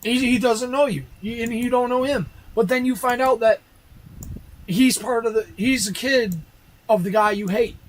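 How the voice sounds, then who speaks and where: A man's voice: extremely high pitch, normal speed, poor audio. A man ranting on a casual livestream, arguing with rhetorical questions and repeating his points.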